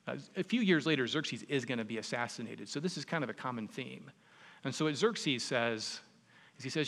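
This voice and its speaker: A man preaching a sermon, retelling a story in an animated, conversational way. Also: mid-range voice, brisk. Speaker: pastor. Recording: long reverb in a large hall.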